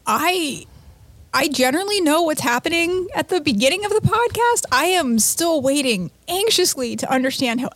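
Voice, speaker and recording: A woman co-hosting a podcast who banters quickly and sounds exasperated, speaking into a close podcast mic. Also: high-pitched, animated, a bit bright, no echo. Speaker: podcast co-host. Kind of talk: casual podcast chat.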